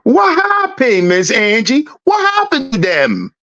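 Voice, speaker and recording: Slow, swooping woman host, teasing rhetorical rant, repeats herself. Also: wildly swooping pitch, fairly bright tone, dull audio. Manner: teasing, sing-song, repeats questions; swings in pitch, drawn-out words. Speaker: channel host.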